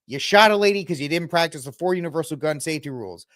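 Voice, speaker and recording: A man's voice: fairly high pitch, quick pace, dry recording, clean studio sound. A man hosting a casual commentary podcast, sarcastic and mocking, often putting on voices to quote people. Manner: sarcastic, animated, mocking voices when quoting. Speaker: podcast host.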